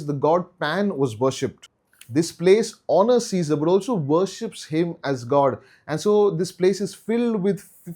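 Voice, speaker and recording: A man's voice: mid-range voice, a little mellow. A man teaching a Bible study in an earnest way, repeating key phrases for emphasis.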